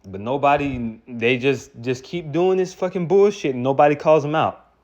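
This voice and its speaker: A man's voice: mid-range voice, moderate pace, darkish tone. Angry preaching man, lo-fi sound. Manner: angry, profane, repeats and restarts words. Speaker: street preacher. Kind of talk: heated preaching rant. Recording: dull lo-fi recording.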